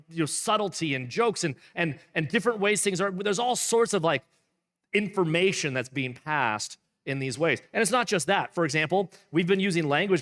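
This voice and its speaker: A man's voice: a little high, fairly bright tone, long reverb tail. A man, a pastor, reading a book aloud and explaining it in a casual, rambling way with playful asides. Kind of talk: live book reading with commentary.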